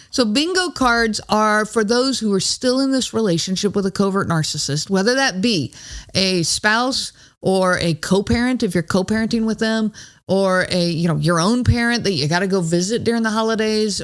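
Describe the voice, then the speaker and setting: A woman hosting her own podcast, talking in a conversational, wry way and acting out quoted lines in a lower voice. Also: a bit bright. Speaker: podcast host. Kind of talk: solo podcast monologue.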